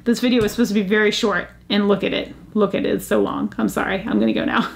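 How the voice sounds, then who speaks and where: A woman hosting a casual jewelry vlog, chatty and easily excited, gasping over pieces she finds. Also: mid-range voice, fast talker, vocal fry. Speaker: jewelry channel host.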